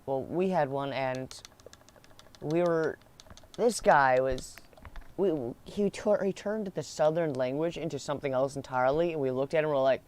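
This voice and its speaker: A man's voice: on the high side, moderate pace, a little mellow. A young man telling a school story in a rambling, casual way, laughing and swearing as he goes.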